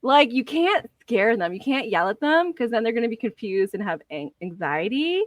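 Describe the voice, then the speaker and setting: Podcast co-host, woman, lively and swinging pitch, lots of laughter and cursing, dry close mic. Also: normal speed, dry recording. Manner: laughing, profane, animated storytelling. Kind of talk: casual chat.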